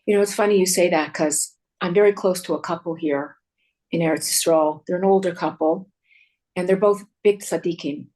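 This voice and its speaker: A woman host in casual chat with her guest, responding warmly and thinking out loud. Her voice sits a little low for a woman. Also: fairly even intonation, moderate pace.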